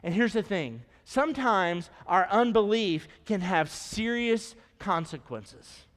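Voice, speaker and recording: A man's voice: high voice, animated, takes it slowly, a bit bright. A man preaching a sermon from a church sanctuary, speaking conversationally and putting questions to the congregation. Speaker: pastor. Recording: long church reverb.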